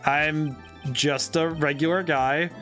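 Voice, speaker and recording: A man's voice: on the high side, fairly even intonation, takes it slowly, pushed and bright. A man reading the lines of a nervous, stammering male ventriloquist in a video game, with faint game music behind. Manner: hesitant, stammering.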